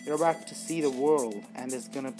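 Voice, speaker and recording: A man's voice: medium pitch, fairly quick, over music, lightly acted. A man reading as an earnest young romantic. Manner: sincere, encouraging.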